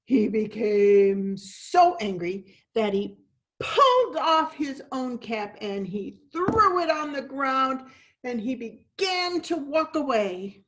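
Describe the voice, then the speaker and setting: A woman's voice: high-pitched, takes it slowly. A woman, an actress and teaching artist, leading a theatrical children's storytime and talking straight to young listeners, sometimes dropping to a whisper. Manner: animated, talks to young listeners, drops to whispers.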